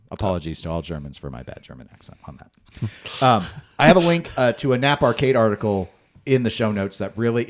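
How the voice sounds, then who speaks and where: A chatty male co-host talking through gaming news in a low voice. His delivery rambles between points. The sound is dry and close, with little room around it. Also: dry recording. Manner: rambling, chatty, laughs often. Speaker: podcast co-host. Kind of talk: casual chat.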